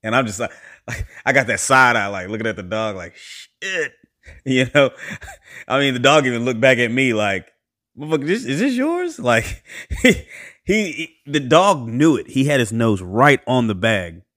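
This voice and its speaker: A man hosting a podcast, telling a story in a casual monologue and acting out the voices of the people in it. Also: moderate pace. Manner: animated, acts out quoted voices with big pitch jumps. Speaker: podcast host.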